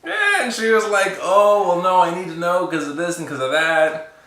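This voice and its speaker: Bright-voiced man telling a funny story. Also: high-pitched, normal speed, reverberant. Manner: laughing, animated retelling, quoting his wife. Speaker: guest husband telling a story. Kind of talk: casual storytime chat.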